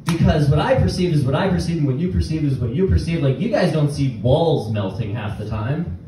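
A young man doing a rambling stand-up set with halting restarts and nervous laughs before a small live audience. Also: a little high, expressive. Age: young adult. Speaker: stand-up comedian. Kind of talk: open-mic stand-up set. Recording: very echoey room, distant mic, faint noise.

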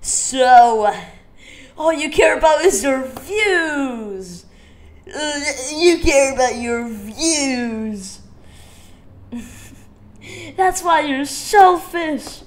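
A woman's voice: sits high, expressive, drawn-out words, long pauses, exaggerated voice. A woman putting on a stammering, whiny crying teenage boy to mock him. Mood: mock whining. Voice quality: stammering, whimpering.

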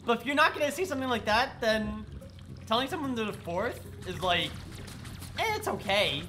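A man's voice: extremely high pitch, sing-song, normal speed, slight background noise. A man streaming a game live while sick, chatting to viewers and swearing at the game. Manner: swears and yells at the game, chats with chat. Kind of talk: live gameplay commentary.

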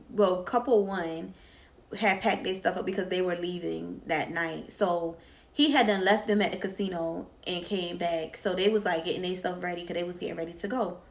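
A young woman, a vlogger, telling a candid, slangy story time, swearing freely as she goes. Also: on the low side. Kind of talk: casual storytime.

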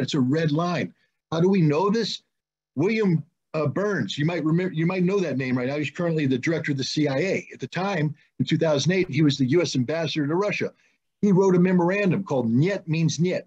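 A man's voice: fairly high pitch, darkish tone, slightly rough. A middle-aged man, a guest in an online discussion, explaining at length in an emphatic, insistent way and repeating his key points. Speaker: guest, former weapons inspector. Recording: muffled lo-fi online call audio.

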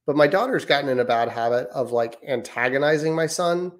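A man's voice: mid-range voice, animated, brisk, slight background noise. A man co-hosting a parenting podcast, chatting casually and telling wry stories about his kids. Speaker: podcast co-host.

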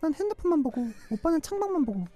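A man's voice: extremely high pitch, big pitch swings, dark tone, soft background music, pitched above the performer's own voice. A man playing a frustrated young girlfriend. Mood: frustrated pleading. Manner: pleading, rapid, exasperated. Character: young woman nagging her driving boyfriend.

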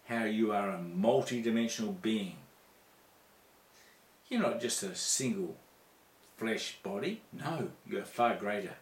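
A man preaching an impassioned spiritual sermon into a handheld mic, rhythmic and repetitive, leaping to sudden high exclamations. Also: reverberant.

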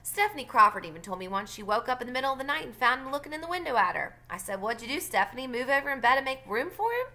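A woman's voice: high voice, lively intonation, very fast, few pauses, bright, forceful tone, pitched above the performer's own voice, exaggerated voice. A woman reading as a blunt older Southern neighbor lady. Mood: wry. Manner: dry, blunt and wry.

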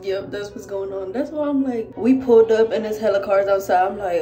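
A woman's voice: medium pitch, a little fast, hardly any pauses, mellow, far from the mic. A young woman co-hosting a vlog, chatting casually to the camera and filling her talk with "like" and "or whatever". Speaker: vlog co-host. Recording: very echoey room.

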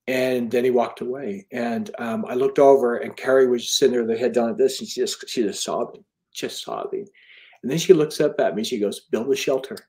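A middle-aged man recounting a personal story as an interview guest. He speaks earnestly, often stopping to restart a phrase and acting out what people said. His voice sits at an ordinary, medium pitch. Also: dark tone. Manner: earnest, halting storyteller with many restarts and quoted dialogue.

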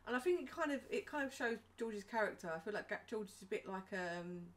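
Fast-talking woman, a bit off-mic. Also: mid-range voice, animated, far from the mic. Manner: chatty, hedging with fillers like "like" and "kind of". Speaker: podcast co-host. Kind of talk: casual film review chat.

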